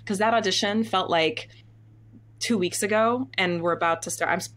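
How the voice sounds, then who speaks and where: A Broadway actress chatting as a podcast guest, animated and candid, often acting out what people said. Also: female voice, mid-range voice, moderate pace. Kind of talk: casual interview chat.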